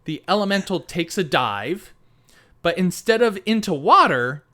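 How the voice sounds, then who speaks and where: A man's voice: sits high, sing-song, measured pace, sharp tone. A man co-hosting a book podcast, talking animatedly with lots of fillers and laughter. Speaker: podcast co-host. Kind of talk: casual book discussion.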